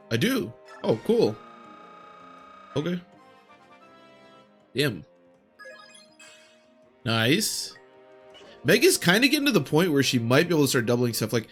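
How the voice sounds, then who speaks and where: A young man streaming a video game, chatting casually and upbeat as he plays. He laughs easily and talks at an ordinary middle pitch. Soft music plays faintly behind him. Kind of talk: casual gameplay commentary.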